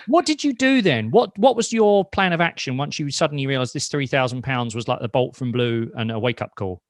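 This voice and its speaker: A man hosting an interview, chatty and animated when telling his own anecdotes. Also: medium pitch, brisk, no room sound, clean studio sound. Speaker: host and interviewer. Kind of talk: conversational interview.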